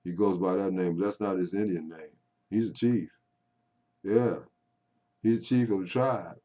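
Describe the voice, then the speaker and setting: A man's voice: low-pitched, moderate pace, dark tone. An older man talking at home to camera in a rambling, folksy monologue that swings into call-and-response preaching. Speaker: poet vlogger.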